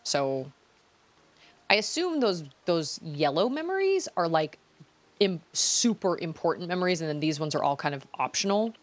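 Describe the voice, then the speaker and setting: Woman streamer, slightly low pitch, chatty, trails off, self-deprecating. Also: big pitch swings, moderate pace. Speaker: game streamer. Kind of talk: casual let's-play commentary.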